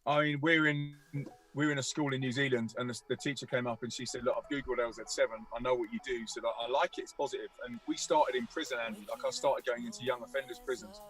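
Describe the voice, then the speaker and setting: Energetic man telling a story. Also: mid-range voice, quick pace, few pauses. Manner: energetic, acts out voices in quotes. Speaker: guest musician and youth speaker. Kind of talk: animated storytelling.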